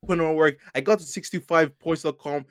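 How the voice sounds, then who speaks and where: A young man jumps into a casual chat, exasperated. He talks quickly in a slightly raised voice, and the room sounds dry. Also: a little high, fairly even intonation, a bit bright, no echo. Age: young adult.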